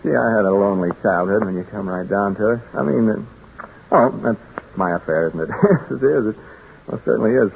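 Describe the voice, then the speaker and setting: An actor playing a nervous, chatty radio announcer who stammers and rambles, in a 1940s radio drama. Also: male voice, on the low side, brisk, gravelly, slight background noise. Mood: uneasy. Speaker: radio announcer in a haunted house. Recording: tinny old 1940s radio broadcast.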